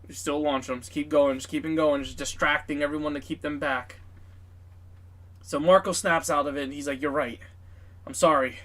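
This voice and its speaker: A man's voice: fairly high pitch, a bit bright. A man narrating a tabletop game as game master, in a casual, filler-heavy, profane way.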